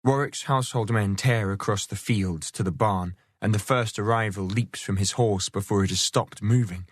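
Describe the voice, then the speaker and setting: A man reading a novel aloud as the audiobook narrator, in measured storytelling. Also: fairly low pitch, dry recording, studio quality. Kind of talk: scripted narration.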